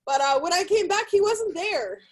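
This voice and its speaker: Brief: young female comic, high pitch, brash and profane, self-deprecating. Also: lively intonation, normal speed, rough recording. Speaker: stand-up comedian. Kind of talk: stand-up comedy set.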